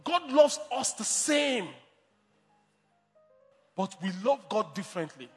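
High-voiced preaching man in a hall. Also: big pitch swings, slow pace, faint music behind. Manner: emphatic preaching with repetitions and restarts. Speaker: pastor. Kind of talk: sermon.

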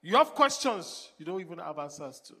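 Male pastor, high animated voice, hushed to loud, music behind. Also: fairly quick. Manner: impassioned, swings between hushed and loud. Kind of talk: sermon with sung worship.

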